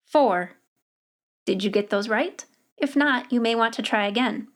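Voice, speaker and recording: A woman teaching Morse code in a slow, clear, patient scripted narration. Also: on the high side.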